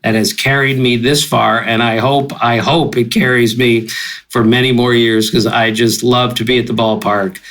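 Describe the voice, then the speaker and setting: An older man telling stories with exuberant energy, his pitch leaping up for punchlines. He speaks at a mid pitch and keeps up an animated, storytelling pace. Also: moderate pace, low-quality recording. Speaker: guest sportswriter. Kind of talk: storytelling interview.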